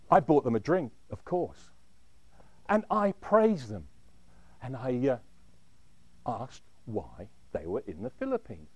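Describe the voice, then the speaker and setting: A man recounts a dramatic first-person story in a high voice that swoops widely. His delivery is measured, and each phrase falls away low and quiet. The sound is close and dry, with no room echo.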